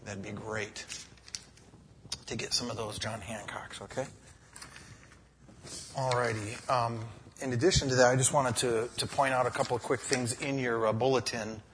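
A man sharing a short testimony and making church announcements, in a halting way that repeats words. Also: medium pitch, fairly even intonation, fairly bright tone, slight background noise. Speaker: church member giving announcements.

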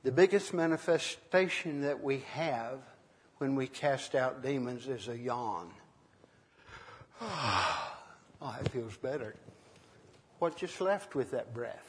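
An older male minister gives a relaxed, conversational sermon, pausing often as he tells stories from his ministry. His voice sits at an ordinary middle pitch. The sound carries a long, lingering reverb, as if recorded in a large hall. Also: a little hiss or hum. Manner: unhurried, conversational preaching with many pauses. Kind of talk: sermon teaching with personal stories.

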